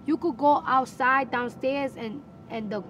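A young woman with a New York accent, chatting as an interview guest, emphatic and animated, with quick bursts of slang. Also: high voice, crowd noise. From New York City. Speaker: interview guest, recording artist. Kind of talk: casual interview chat.

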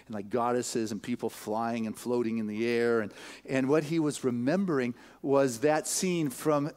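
Animated man preaching in a storytelling sermon. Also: medium pitch. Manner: animated storytelling, building emphatic repetitions; casual, filler-heavy delivery with chuckles. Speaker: spiritual leader. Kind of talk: sermon retelling a film. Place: church sanctuary.

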